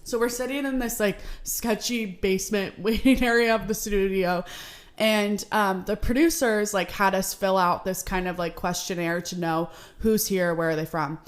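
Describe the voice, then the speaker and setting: A woman's voice: mid-range voice, fairly even intonation, normal speed. A woman in her twenties from Seattle hosting a podcast, telling a story in a chatty, upbeat way full of "like". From Seattle, United States. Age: 20s. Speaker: podcast host. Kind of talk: casual storytelling.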